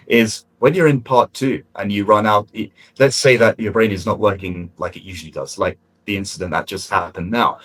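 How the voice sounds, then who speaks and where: Husky low-voiced male examiner. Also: fairly bright tone, dry recording, rough recording. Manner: encouraging, conversational, frequent fillers and restarts. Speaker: IELTS speaking examiner giving feedback. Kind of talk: spoken feedback after a mock test.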